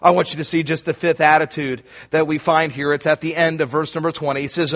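A man preaching a sermon, emphatic and rising to shouts on key lines, speaking straight to his listeners. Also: a little high, level tone, fast, hardly any pauses. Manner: addresses listeners directly.

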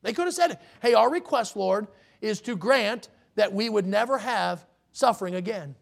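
Male preacher mid-sermon: high, gravelly voice, slows and swells on each verse. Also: expressive. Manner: emphatic preaching, slows and swells on scripture readings.

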